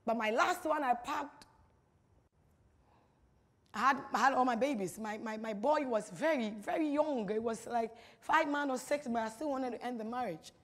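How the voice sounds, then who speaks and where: A woman giving a personal testimony in a large hall, speaking emphatically, repeating phrases and swinging from hushed to loud. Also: fairly high pitch, moderate pace. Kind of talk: personal testimony at a church-style gathering. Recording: reverberant hall.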